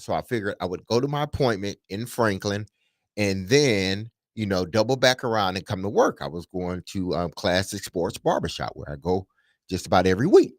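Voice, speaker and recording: A man's voice: fairly low pitch, no room sound, clean studio sound. A middle-aged man, a radio host telling a story casually and dramatically, laughing as he goes. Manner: animated, laughing, dramatic retelling.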